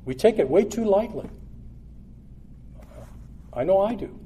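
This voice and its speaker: A man preaching a sermon in an earnest, exhortative way, building to loud emphatic peaks and then dropping low and quiet. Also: expressive, measured pace, breathy edge.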